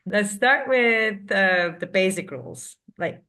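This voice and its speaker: A woman's voice: mid-range voice, slow, sharp tone. A woman co-hosting a language podcast, asking curious questions in a chatty way. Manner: curious, asks questions, uses "like" often. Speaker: podcast co-host. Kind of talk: casual educational chat.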